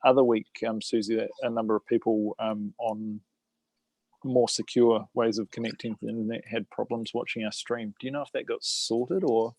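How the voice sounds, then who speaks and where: A man's voice: lowish voice, little pitch movement, moderate pace, a little mellow, poor audio. A man hosting a casual livestream chat, hesitant and full of ums and restarts. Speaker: host.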